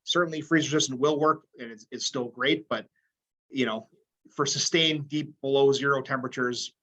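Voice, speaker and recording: A man's voice: medium pitch, fairly even intonation, normal speed, fairly bright tone, poor audio. A man from Canada answering a question on a webinar, casual and often saying "like". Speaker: panelist.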